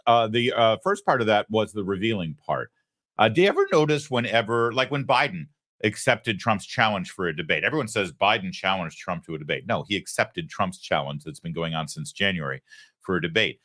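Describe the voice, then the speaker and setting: A man's voice: lowish voice, fairly bright tone. A man hosting a political commentary show, talking in an emphatic, sarcastic way.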